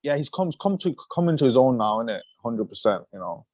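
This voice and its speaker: A man co-hosting a podcast in casual chat, animated and slangy, swearing casually. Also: mid-range voice, brisk, dry recording. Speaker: podcast co-host.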